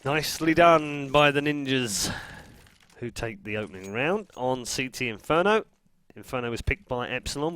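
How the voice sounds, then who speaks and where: A man's voice: mid-range voice, fairly bright tone. A man from England casting a live esports match, chatty and joking with his co-caster, his throat getting sore.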